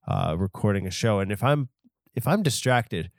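A man's voice: fairly low pitch, animated, moderate pace, dry recording, studio quality. A man hosting a solo comedy podcast, talking in a rambling, self-interrupting way full of absurd tangents. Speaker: podcast host.

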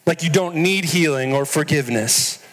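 A man's voice: a little high, moderate pace, a bit bright, big-room sound, a little hiss or hum, low-quality recording. A man preaching a sermon as pastor, earnest and putting direct questions to his listeners.

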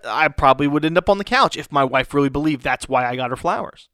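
Halting male preacher, dry close sound. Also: fairly high pitch, animated, fairly bright tone, no echo. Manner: halting, frequent restarts, rhetorical "right?". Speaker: pastor. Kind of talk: conversational sermon.

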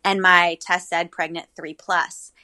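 A woman's voice: on the low side, a little slow, heavy background noise. A woman in her twenties, a podcast guest, telling a personal story in casual chat, with many ums and likes. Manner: chatty, animated, frequent ums and likes.

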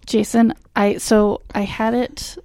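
A woman's voice: mid-range voice, level tone, takes it slowly, mellow, dry recording, clean studio sound. A woman co-hosting a casual movie chat, blunt and teasing, rambling a little. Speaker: podcast co-host.

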